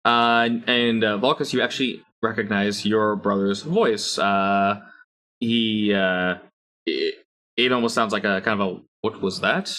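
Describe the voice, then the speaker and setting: A man narrating as game master of a tabletop game, describing scenes haltingly with many pauses and restarts. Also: on the low side, sharp tone.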